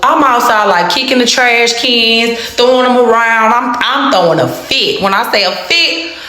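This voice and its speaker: A woman telling a personal story to her viewers in a casual storytime, animated and heavily profane, repeating phrases for emphasis. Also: on the high side, moderate pace. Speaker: storytime vlogger. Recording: very echoey room.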